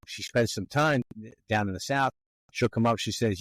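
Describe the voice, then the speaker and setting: A man's voice: mid-range voice, moderate pace, no echo. A man from the Philadelphia area with a Philadelphia accent, hosting a podcast and asking long, folksy, rambling questions. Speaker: podcast host. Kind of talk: conversational interview questions.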